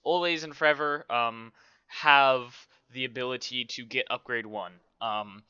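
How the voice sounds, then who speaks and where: A man's voice: medium pitch, steady tone, a little slow, bright, forceful tone, clear, resonant tone, no room sound, muffled recording. A man casually talking through a game development tutorial, rambling to himself with many fillers. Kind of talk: casual screen-recorded tutorial.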